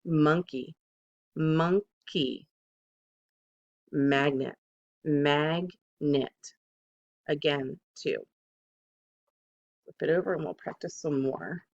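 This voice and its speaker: A second grade teacher giving a recorded phonics lesson to children, patient and deliberate, saying each word twice to model it. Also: medium pitch, fairly even intonation, gravelly, dull audio.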